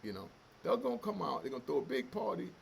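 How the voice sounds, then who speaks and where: A man's voice: on the high side, big pitch swings, fast talker, gravelly, a little hiss or hum. A middle-aged man hosting a commentary channel, delivering fiery, emotional, profane street talk in a heated solo rant.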